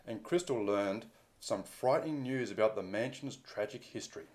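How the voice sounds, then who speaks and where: A man's voice: lowish voice, normal speed, a little mellow. A man co-hosting a podcast, reading news items aloud in a dry, mock-dramatic way. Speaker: podcast co-host.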